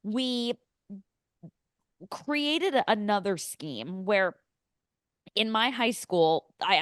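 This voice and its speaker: A woman co-hosting a movie podcast, telling stories in a lively way and acting out other people's voices. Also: medium pitch, dry recording, clean studio sound. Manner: animated storyteller, acts out quoted voices. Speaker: podcast co-host. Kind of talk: casual storytelling chat.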